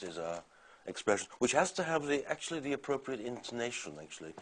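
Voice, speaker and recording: A man's voice: medium pitch, sing-song, fast talker, slightly rough. A man giving a university lecture, talking in a conversational, hesitant way with many fillers and restarts.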